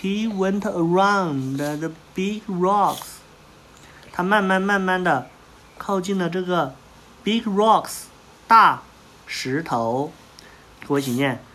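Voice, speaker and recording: A woman reading a picture book with a child, saying each word slowly and patiently so the child can repeat it. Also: on the low side, fairly bright tone. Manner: slow, patient, models each word for repetition. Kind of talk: bilingual storybook reading lesson, call and repeat.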